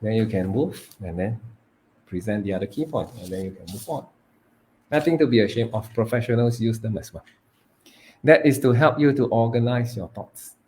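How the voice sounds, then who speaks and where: A man, training students in public speaking, who swings between loud emphasis and hushed delivery and stretches words for effect. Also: lowish voice, moderate pace, slight background noise. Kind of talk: live training talk.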